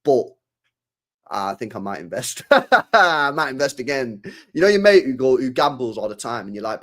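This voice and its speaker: A man, chatting casually to his live-stream chat, excitable and swearing a lot, often swinging between loud and quiet. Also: mid-range voice, moderate pace.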